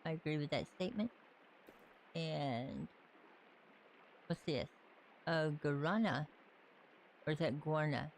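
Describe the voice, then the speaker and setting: A game streamer from the Southern United States, with a light Southern accent, chats casually and thinks aloud while playing on a live stream. His voice is medium in pitch and measured in pace, with long pauses and a little hiss or hum in the audio.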